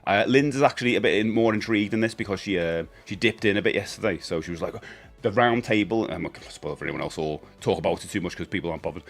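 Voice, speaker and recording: A man's voice: deep voice, fast talker, creaky. Chatty man hosting a stream. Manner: chatty, rambling, greets viewers, stumbles and repeats. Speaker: live-stream host. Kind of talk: casual chat.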